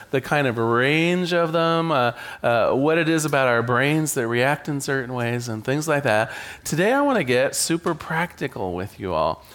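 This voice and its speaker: A man's voice: medium pitch, a bit bright. A man giving a sermon as a minister, conversational and joking.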